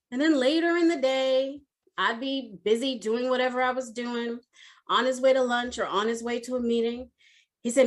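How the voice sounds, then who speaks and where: A woman in her forties with a somewhat high voice tells a personal story as a coach. She talks in an expressive, animated way, with frequent fillers. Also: normal speed. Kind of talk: storytelling talk at an online summit.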